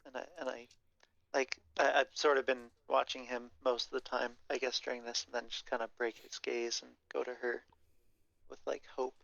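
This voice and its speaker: Gravelly man making earnest vows. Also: medium pitch, little pitch movement, normal speed, fairly bright tone, no echo. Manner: earnest, solemn vows in character. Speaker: player. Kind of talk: in-character tabletop role-play. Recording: dull, dry lo-fi mic.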